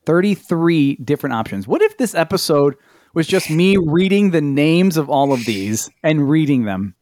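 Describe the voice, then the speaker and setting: A man's voice: a little high, big pitch swings, normal speed, a little mellow, no room sound. A middle-aged man co-hosting a podcast, reading a menu aloud with wry amusement and casual swearing. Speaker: podcast co-host. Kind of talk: casual chat.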